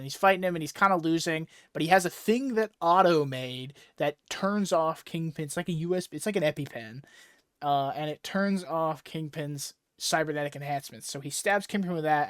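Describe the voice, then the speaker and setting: A man's voice: on the high side, dry recording, studio quality. A man co-hosting a podcast, casually recapping a comic plot in a rambling, profane way with lots of fillers. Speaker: podcast co-host. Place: podcast recording setup. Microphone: podcast microphone.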